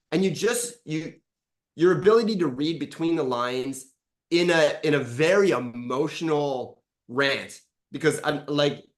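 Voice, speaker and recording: This is a middle-aged man with a fairly high-pitched voice, speaking openly in an interview about his experience as a coaching client. He curses without restraint, stays animated, and plays out past exchanges.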